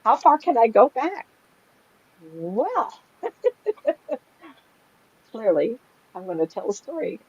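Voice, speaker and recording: A woman's voice: lowish voice, darkish tone, husky. A middle-aged woman, a psychic medium, telling stories in a casual chat and laughing often. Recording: slightly dull lo-fi sound.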